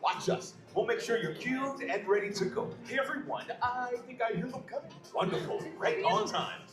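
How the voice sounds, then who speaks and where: A man hosting a live theme park pre-show, theatrical and upbeat as he warms up the crowd. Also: extremely high pitch, normal speed, reverberant, loud music behind the voice. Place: outdoor theme park stage.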